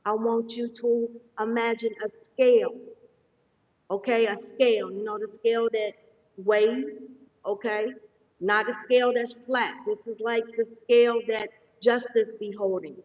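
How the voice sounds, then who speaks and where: A woman giving a live-streamed meditation lesson as a spiritual teacher, talking fast and checking in with her listeners often. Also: on the high side, steady tone, darkish tone. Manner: fast-talking, says so herself; instructive, checks in often with "okay?". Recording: distant, echoey, dull sound.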